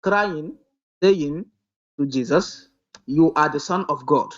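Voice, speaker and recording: A man calling into a heated live debate, insistent and argumentative, reading verses slowly. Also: fairly high pitch, muffled recording. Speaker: caller in a debate.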